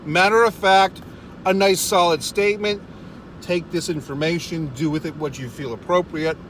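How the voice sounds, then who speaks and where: Parked in his car, a vlogger tells an exasperated, swear-filled comic story, laughing at his own lines. His voice sits high with a steady tone and fairly bright quality, moving at normal speed, and there's a little hiss or hum in the recording.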